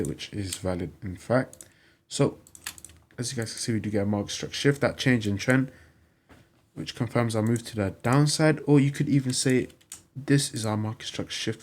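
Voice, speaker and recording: A young man with a fairly low voice talks through a screen-recorded lesson, going over the same steps again and again in a plain, instructive way. He speaks into a desk mic at his computer. Keys tap now and then in the background. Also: breathy edge. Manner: repetitive, plainly instructive, upbeat pitch. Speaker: trading channel host. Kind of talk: screen-recorded tutorial walkthrough.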